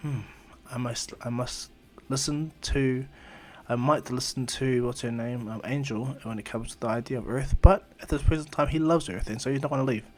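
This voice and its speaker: Man doing aloof godlike young male ninja, calm, lofty, lecturing, medium pitch. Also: moderate pace, lightly acted.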